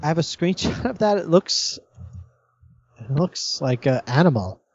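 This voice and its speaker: A man hosting a casual gaming podcast, talking in halting bursts with frequent restarts. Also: a little high, animated, slightly rough. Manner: halting, restarts often, laughs easily. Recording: dull lo-fi podcast audio.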